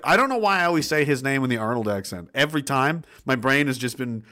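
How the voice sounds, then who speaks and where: A Canadian man from Nova Scotia runs a livestream, reading out viewer comments and ranting with sarcasm in a mid-range voice. He speaks at a moderate pace with long pauses, animated, cursing, and laughing a lot.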